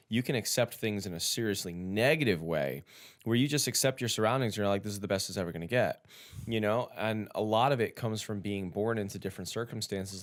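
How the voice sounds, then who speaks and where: A man hosting a casual podcast chat, talking bluntly and swearing a lot, getting loud and animated as he tells stories. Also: fairly low pitch. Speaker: podcast host.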